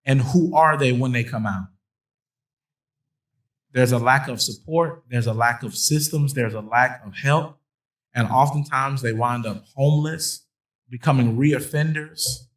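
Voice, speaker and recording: A man's voice: mid-range voice, a little slow, low-quality recording. A man hosting a conference, speaking emphatically in a preaching style and repeating phrases for stress, with playful asides. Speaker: host introducing a guest speaker. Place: conference hall with an audience.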